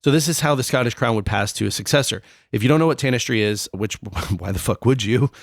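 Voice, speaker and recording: A man's voice: mid-range voice, quick pace, no room sound, clean studio sound. A man co-hosting a casual podcast, explaining history in a loose, rambling way with many fillers. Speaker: podcast co-host.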